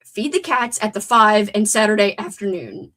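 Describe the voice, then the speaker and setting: A woman's voice: medium pitch, lively intonation, moderate pace, a bit bright. A young adult woman with a stuffed-up nose, hosting a chatty, wordy livestream and reading out chat comments. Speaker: livestream host.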